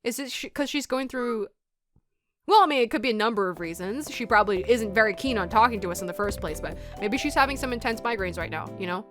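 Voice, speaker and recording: A bubbly woman chats her way through a video game, expressive and chatty, in a slightly high voice. Game music plays clearly under her talk. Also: fast talker. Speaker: let's play streamer. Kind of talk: casual game commentary.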